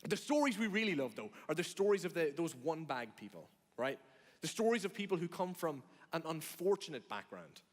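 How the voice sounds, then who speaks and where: Lively, high-voiced male preacher. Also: a little fast. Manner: conversational, asks the audience questions, acts out reactions. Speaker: pastor. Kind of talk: sermon. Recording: long hall reverb.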